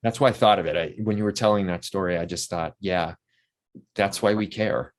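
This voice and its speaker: A man's voice: sits low, fairly even intonation, a little fast. An older man, a guest in a casual interview, telling long, enthusiastic anecdotes full of restarts.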